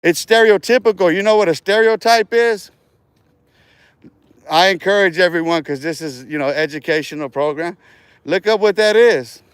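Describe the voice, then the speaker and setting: A man hosting his own livestream launches into a rambling, profane rant, laughing often and taunting viewers. His voice sits high for a man, clean in tone at normal speed, captured dry and close with no room echo.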